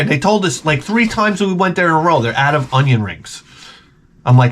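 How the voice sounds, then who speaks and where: A middle-aged man telling rambling, profane stories in a casual vlog, jumping into loud joking exclamations. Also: medium pitch, moderate pace. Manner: excitable, profane, jokey, with sudden loud exclamations. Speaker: video game vlogger.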